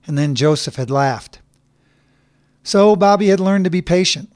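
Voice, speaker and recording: A man reading a short story aloud in a measured, even storytelling manner. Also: sits high, no echo, clean studio sound. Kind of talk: scripted narration.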